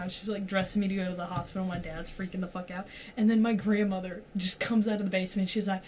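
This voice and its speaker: A woman's voice: mid-range voice, steady tone, fast, a little mellow, slight background noise. A young woman telling a rambling story to friends in casual chat, full of "like" and casual swearing. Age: young adult. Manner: rambling, peppered with "like", swears freely.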